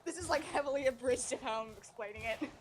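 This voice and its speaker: A woman livestreamer chatting casually while she plays, rambling in an animated way and swearing freely. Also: a little high, quick pace, a little hiss or hum. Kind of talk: casual chat while streaming a game. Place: home streaming setup.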